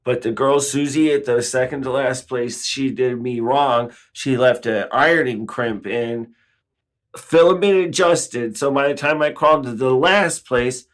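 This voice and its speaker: Deadpan absurdist male comedian. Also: medium pitch. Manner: deadpan with sudden outbursts into silly voices.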